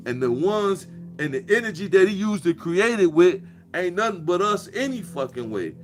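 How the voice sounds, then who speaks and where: A man's voice: a little high, lively intonation, normal speed, soft background music. A man, delivering a profane, preachy monologue with a mocking edge. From Chicago. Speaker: commentator. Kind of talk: casual monologue.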